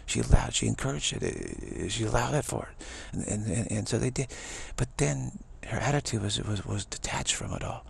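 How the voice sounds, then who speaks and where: A man speaking in a rambling spiritual monologue, halting and restarting, with mocking asides. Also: medium pitch, sing-song, creaky, husky.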